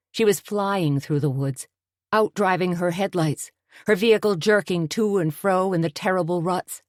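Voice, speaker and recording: A woman narrating an audiobook in a steady, measured storytelling voice. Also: deep voice, no room sound, clean studio sound.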